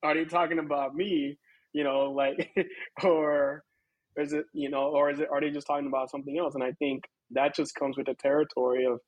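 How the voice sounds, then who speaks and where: A man's voice: medium pitch, no room sound, highs cut off. A man with an American accent co-hosting a casual talk show, reflective and laughing as he talks. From United States. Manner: reflective, many fillers and restarts, laughs while talking. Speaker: co-host. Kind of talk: casual conversation.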